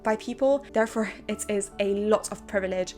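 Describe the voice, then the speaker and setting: A woman's voice: mid-range voice, brisk, a little mellow, soft background music. Earnest young woman, mixed Irish-tinged accent. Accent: mixed, English with an Irish-sounding lilt. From England. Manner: earnest, apologetic, over-explaining. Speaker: YouTuber. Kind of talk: casual chat to camera.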